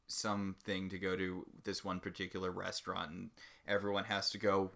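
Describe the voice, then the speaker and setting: A man co-hosts a casual podcast about a TV show, trading dry jokes. His voice is gravelly, with a bright, forward edge. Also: deep voice, monotone, normal speed. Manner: dry, joking banter. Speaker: podcast co-host. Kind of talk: casual TV recap chat.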